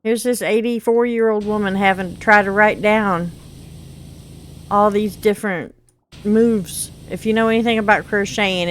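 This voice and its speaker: A woman's voice: mid-range voice, normal speed, a little hiss or hum, rough recording. A middle-aged woman, telling a long exasperated story while gaming. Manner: chatty, exasperated, animated storyteller. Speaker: gameplay vlogger.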